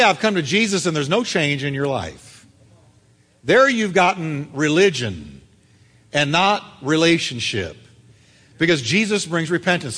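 A man preaching a sermon, animated, swinging between loud calls and hushed, quiet passages. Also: on the high side, breathy edge, big-room sound.

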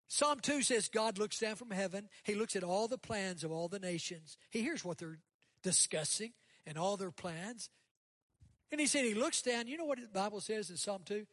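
A guest pastor, a man, preaching a sermon and leading an altar call, swinging between loud rising bursts and quiet, dropped lists. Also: high-pitched, normal speed, dry recording. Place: church sanctuary.

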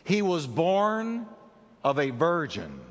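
A man preaching a sermon as pastor, with dramatic delivery that slows down for emphasis. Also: very animated, in a large hall. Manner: dramatic preaching with big swings in pitch and slowed emphasis.

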